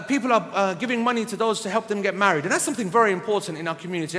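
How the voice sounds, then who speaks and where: A man's voice: high-pitched, fairly bright tone. A man giving a blunt, humorous, scolding religious lecture, recorded in a reverberant hall. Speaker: Islamic lecturer. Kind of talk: sermon lecture.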